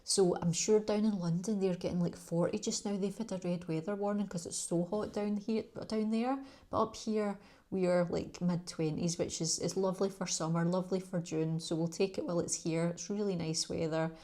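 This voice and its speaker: Answering questions from her viewers in a beauty vlog, a middle-aged Scottish woman from Glasgow talks at normal speed in a low, dark voice with a steady tone. She's friendly and wanders a bit, laughing in between her thoughts.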